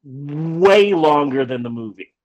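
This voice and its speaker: A man with a fairly high voice tells a personal story in a loose, animated way. He trips over his words, repeats himself and swears freely, and the recording sounds a little dull and lo-fi. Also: slow. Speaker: guest telling a personal story. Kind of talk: casual anecdote.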